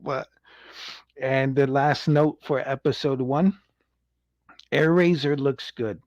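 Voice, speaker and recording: A man's voice: medium pitch, steady tone, slow, pauses often, no room sound. A man hosting a casual livestream review. He rambles, chuckles often and acts out quotes. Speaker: show host reviewing an animated series. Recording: dull lo-fi, dry sound.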